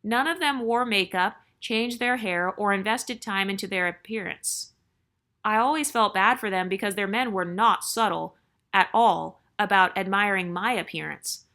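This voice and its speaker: A woman's voice: medium pitch, moderate pace, sharp tone. A woman hosting her channel, reading a viewer's story aloud in a chatty way and breaking in with joking asides.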